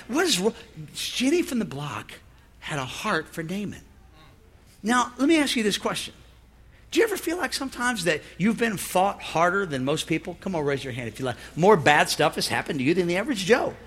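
High, bright-voiced preacher man. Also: fairly quick. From United States. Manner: lively preaching, calls for amen, acts out voices. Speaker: pastor. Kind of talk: sermon.

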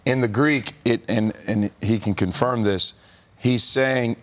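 A man's voice: mid-range voice, steady tone, a little slow, a bit bright. A man taking part in a Bible study discussion, explaining a passage with restarts as he thinks.

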